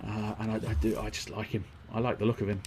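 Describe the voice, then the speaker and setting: A man's voice: fairly low pitch, flat delivery, fast talker, background noise. Rambling male game streamer. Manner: rambling, jokey, self-deprecating. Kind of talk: casual gameplay commentary.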